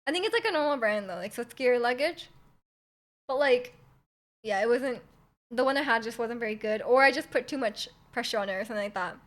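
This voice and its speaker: High-voiced rambling young Canadian woman. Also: animated, a little fast. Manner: rambling, many likes and ums, giggly. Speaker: streamer. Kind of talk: casual chat.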